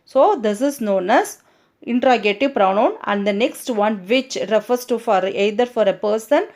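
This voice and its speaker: A woman's voice: fairly high pitch, animated, normal speed, darkish tone. A woman teacher with an Indian English accent explaining grammar to children, repeating each point and calling them to look at examples. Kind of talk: grammar lesson.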